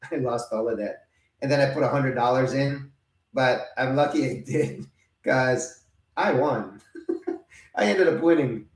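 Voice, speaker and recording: Man in his fifties telling stories in a roomy space. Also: medium pitch. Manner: animated, laughing, cursing, acting out both sides of arguments. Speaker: retired vlogger. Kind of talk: casual storytelling. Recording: roomy, mic set at a distance.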